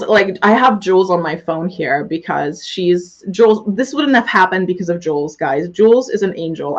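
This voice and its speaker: A young woman business coach closing a live webinar, gushing and excitable, swearing freely as she greets viewers. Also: lowish voice, highs cut off.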